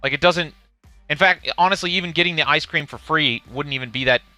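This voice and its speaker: A man's voice: on the high side, a little fast, sharp tone, no room sound, soft background music. A man streaming live, giving casual, profane commentary on a game showcase and reading chat questions aloud.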